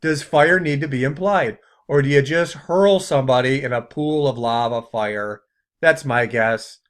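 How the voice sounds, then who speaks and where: A man in the middle of his pitch range narrates a commentary video. He mocks the clips he plays, laughing at them and letting his voice trail off softly at the ends of phrases. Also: unhurried. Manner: mocking, laughing, trailing off quietly.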